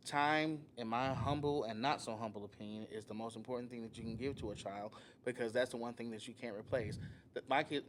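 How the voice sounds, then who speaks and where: A man's voice: medium pitch, brisk, slight background noise. A man in his thirties co-hosting a casual couch podcast, telling stories animatedly and acting out what his family says. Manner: animated storytelling, acting out quoted family members. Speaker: podcast co-host. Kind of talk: casual chat. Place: living room couch set.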